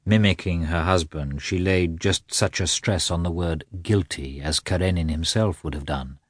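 A man narrates a classic novel with measured, expressive phrasing. His voice is low and slightly husky, moving through a lively range of pitch. The reading sounds close and dry, with no room around it. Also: dry recording. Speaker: audiobook narrator.

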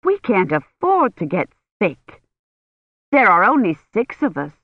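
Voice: mid-range voice, huge pitch swings, unhurried, dry recording, heavily acted. An audiobook reader voicing a defensive American woman bell ringer on tour, in a dull, dry recording. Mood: indignant.

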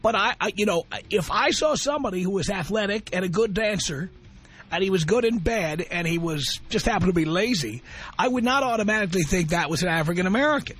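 A man with a high, husky voice runs a call-in radio show. He argues fast and doubles back on his words to push a point. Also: lively intonation, a bit bright. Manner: argumentative, quick, repeats words when pressing a point. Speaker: radio talk show host.

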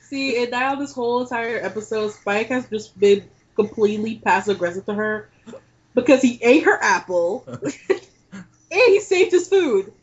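A woman's voice: a little high, lively intonation, normal speed. A young woman guesting on a podcast, chatting casually about a cartoon with lots of "like". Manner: chatty, filler-heavy with lots of "like". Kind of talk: casual chat recapping a cartoon episode. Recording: dull lo-fi podcast recording.

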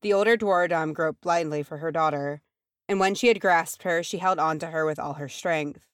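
A woman reading fan fiction aloud in an even storytelling manner. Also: deep voice, normal speed, clear, resonant tone, dry recording, clean studio sound. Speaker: audiobook reader.

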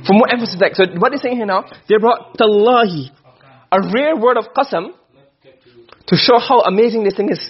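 A man's voice: high voice, fairly quick, slightly rough, dull audio. A man teaching a class in a lecture style, firing questions at the students and repeating himself as he explains. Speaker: Arabic rhetoric teacher.

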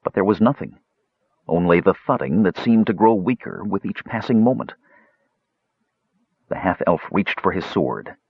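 Husky, expressive male fantasy narrator. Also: low-pitched, normal speed, pauses often, no room sound, lo-fi sound. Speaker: audiobook narrator.

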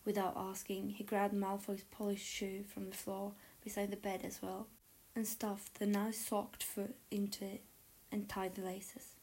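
A woman narrates a story aloud in a soft, breathy voice. Her tone is mellow and warm, with a gentle, unhurried reading manner. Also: medium pitch, monotone, rough recording. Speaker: audiobook narrator. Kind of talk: reading fan fiction aloud.

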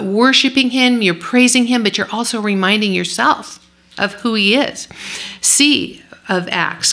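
A woman's voice: fairly high pitch, vocal fry, pushed and bright. A woman leading a women's Bible study, teaching and praying in an earnest, encouraging way.

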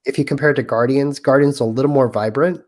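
A man co-hosts a movie podcast in a loose, conversational way, pausing with fillers while he looks over his notes. His voice sits at an ordinary middle pitch. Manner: relaxed, reads from notes with fillers. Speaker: podcast co-host. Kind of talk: casual chat.

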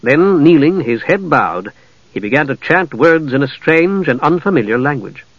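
A man's voice: fairly high pitch, no room sound. Man reading a fantasy audiobook. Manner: measured, even storytelling. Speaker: audiobook narrator. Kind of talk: scripted narration. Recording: dull lo-fi dry audio.

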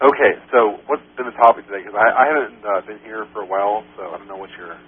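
A low-pitched man calls in to a radio show and speaks fast, pressing the host with questions. His voice is husky and comes through a thin, phone-like line. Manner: questioning, argumentative, halting restarts. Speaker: caller. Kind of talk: call-in radio debate.

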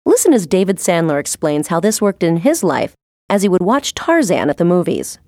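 Low-voiced woman narrating a training script. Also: very animated, moderate pace, darkish tone, dry recording, studio quality. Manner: clear, explanatory, read from a script.

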